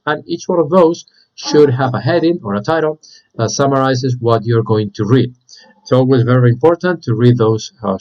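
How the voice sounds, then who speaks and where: A man's voice: medium pitch, a little mellow. Male English teacher leading an online lesson, repeats each point, lo-fi audio. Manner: repeats words and adds "okay?" often.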